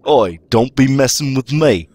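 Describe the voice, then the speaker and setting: A man's voice: mid-range voice, animated, unhurried, a little mellow, pitched above the performer's own voice. A man voicing a blustering tough guy.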